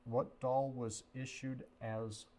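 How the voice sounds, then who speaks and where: A man co-hosting a doll livestream, reading trivia questions and answers haltingly, tripping over words and adding jokey asides. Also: mid-range voice, little pitch movement, mellow.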